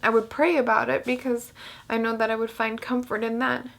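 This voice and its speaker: A woman's voice: a little high, level tone, fairly quick, creaky, fairly bright tone. A young woman vlogging casually, rambling with many fillers and restarts while she cries. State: crying. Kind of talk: emotional casual vlog talk.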